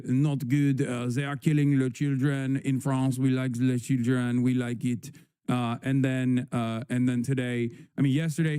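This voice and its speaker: A man's voice: mid-range voice, mellow, clean tone, dry recording, clean studio sound. A man hosting a livestream, giving rambling, sarcastic, crude commentary on the news. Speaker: livestream host.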